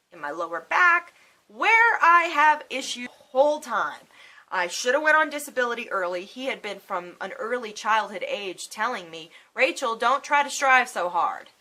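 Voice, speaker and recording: A woman in her thirties tells her own story straight to the camera, casual and heartfelt, swearing without a second thought. Her voice sits fairly high and bright, with lively rises and falls in pitch. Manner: emotional, swears freely, animated. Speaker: vlogger.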